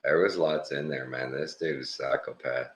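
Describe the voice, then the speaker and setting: A man's voice: rumbling low, steady tone, normal speed, roomy sound. A Texan man casually rambling through a reaction video, searching aloud and retelling clips. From Texas. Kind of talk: casual commentary while watching clips.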